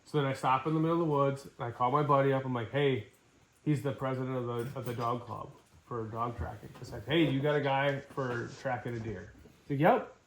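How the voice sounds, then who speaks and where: A middle-aged man from Wisconsin telling a hunting story in casual, animated talk. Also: mid-range voice, fairly quick, a little hiss or hum. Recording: echoey room.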